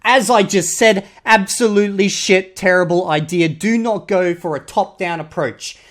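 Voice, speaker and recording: Australian vlogger, mid-pitched, blunt and sweary; punctuates rants with "okay?". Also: normal speed, a bit bright. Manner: blunt and profane, repeatedly drops a prodding "okay?". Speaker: YouTuber critiquing online comments. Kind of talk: casual commentary.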